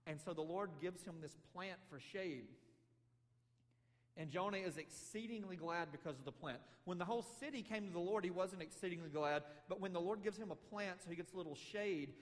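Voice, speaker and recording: Male preacher, conversational and animated, voice a touch high, long hall echo. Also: brisk. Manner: conversational, animated, acts out quotes with rising emphasis. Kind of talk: sermon.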